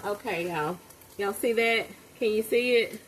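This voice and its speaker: A woman's voice: medium pitch, a little slow. Chatty woman cooking over sizzling pan. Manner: chatty, addresses viewers as "y'all", excitable exclamations. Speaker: home cook vlogger. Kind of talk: casual cooking vlog chat. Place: home kitchen. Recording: kitchen sizzle and frying noise behind.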